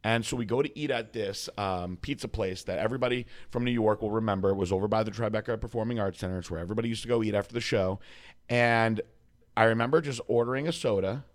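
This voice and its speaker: A bodybuilding coach, guesting on a podcast, tells a story in a casual interview with a low voice and rapid delivery. He swears freely and mimics other people by raising his voice.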